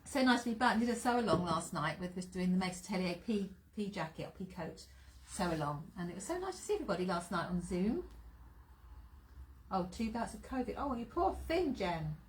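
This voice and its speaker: A chatty woman hosting a live sewing stream, talking at an everyday middle pitch. She greets viewers one by one and laughs easily. A faint hiss of room noise sits behind her. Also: big pitch swings, fairly quick. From England. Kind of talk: casual live-stream chat.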